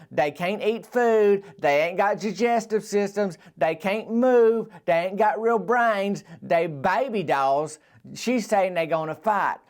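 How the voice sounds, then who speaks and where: A man hosts a podcast, spinning a folksy tale. He rambles through chatty asides in a somewhat high voice. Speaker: podcast host. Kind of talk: folksy storytelling.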